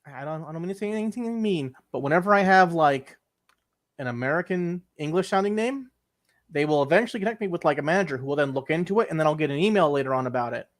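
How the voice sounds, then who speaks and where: Ranting young man, slightly high voice. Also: expressive, fast. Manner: exasperated ranting, swearing, acting out phone calls. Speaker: podcast co-host. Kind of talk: casual chat.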